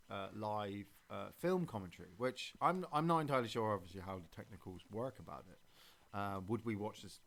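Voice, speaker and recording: A man's voice: on the low side, a bit bright. A man hosting a gameplay stream, talking casually and rambling, with many fillers and restarts. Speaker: streamer and podcast host.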